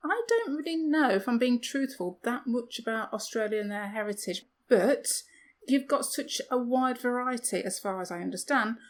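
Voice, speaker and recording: A woman's voice: fairly high pitch, animated, moderate pace. Chatty self-deprecating woman. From United Kingdom. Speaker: podcast co-host. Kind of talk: casual chat.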